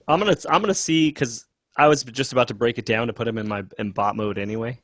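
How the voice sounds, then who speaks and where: A man's voice: medium pitch, fast, a bit bright, no echo, clean studio sound. A male podcast host talking casually and laid-back, with the odd swear word. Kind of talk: casual chat.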